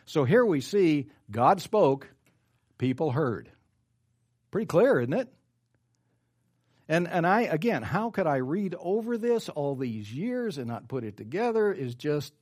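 Man, preacher, sermon delivery with lively swinging pitch, emphatic then quiet. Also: measured pace. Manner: reads scripture aloud and comments, rising emphatic then dropping quiet; clears his throat often.

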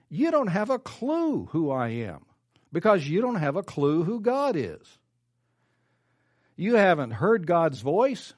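Man, preacher, sermon delivery with lively swinging pitch, emphatic then quiet. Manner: reads scripture aloud and comments, rising emphatic then dropping quiet; clears his throat often.

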